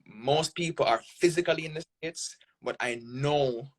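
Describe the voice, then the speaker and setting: With a fairly high-pitched male voice at normal speed, this Jamaican man from Jamaica chats as a content creator guest on a podcast. It's casual interview talk, animated and heavily emphasized, punctuated by frequent "right?" check-ins.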